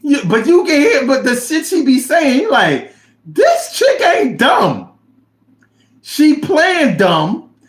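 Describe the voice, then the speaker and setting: A man hosting a casual livestream, reading viewer comments aloud and reacting with animated, chat. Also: a little slow. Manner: animated, drops to low mumble reading comments.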